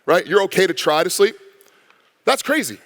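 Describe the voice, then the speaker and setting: A man, a pastor, preaching a sermon with lively storytelling and acted-out quotes. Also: high-pitched, normal speed, big-room sound. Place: church sanctuary.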